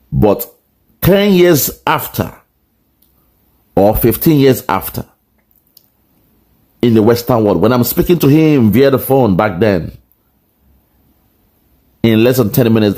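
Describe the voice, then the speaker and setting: A Nigerian-accented man holds forth in a forceful political monologue. His voice sits on the low side, and he drives his points home with repeated rhetorical lines. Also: lively intonation, slow, pauses often. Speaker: political commentator.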